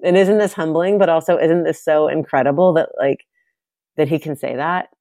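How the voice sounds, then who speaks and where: Low-voiced reflective woman podcast host. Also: fairly even intonation, moderate pace, warm tone, no echo. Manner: reflective, searching, many fillers and restarts. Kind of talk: casual heartfelt conversation.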